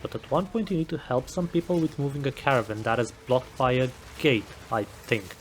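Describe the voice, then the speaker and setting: A man's voice: medium pitch, slight background noise. A man giving a scripted game review voice-over with a wry, self-deprecating sense of humor. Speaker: gaming video creator.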